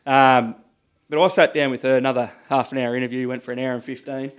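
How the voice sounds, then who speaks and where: An Australian man telling stories in a casual podcast chat, animated and swearing freely. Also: medium pitch, fast, clean tone. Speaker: podcast guest, butcher. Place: podcast studio.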